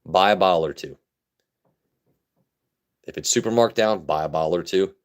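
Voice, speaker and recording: A young man from Maryland hosts a live stream in a low voice at normal speed. He chats casually and animatedly, swears a lot, and reads and responds to chat.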